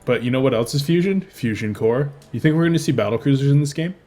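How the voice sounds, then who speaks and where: A man's voice: medium pitch, animated, quick pace, dark tone. A young man casting a video game match with a co-host, chatty and joking, rambling off topic. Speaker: game commentator. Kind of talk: casual esports commentary.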